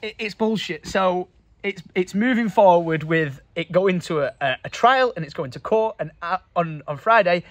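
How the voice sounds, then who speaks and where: Young male vlogger, emotional and earnest, fairly high voice. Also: normal speed, a bit bright, no echo. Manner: emotional, earnest, with many fillers. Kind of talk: casual vlog talk to camera.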